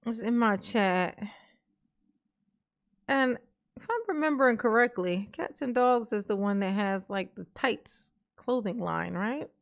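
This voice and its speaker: A woman's voice: a little high, measured pace, gravelly. A woman hosting a commentary stream, taunting and mocking in slangy talk, often breaking into laughter. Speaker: commentary host.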